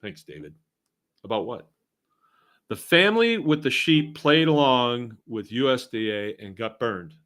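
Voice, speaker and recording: The host, a middle-aged man from Massachusetts, reads viewer comments on his casual live stream and rambles with chuckling asides. His medium-pitched voice swings widely in pitch, keeps a measured pace and sounds a bit bright.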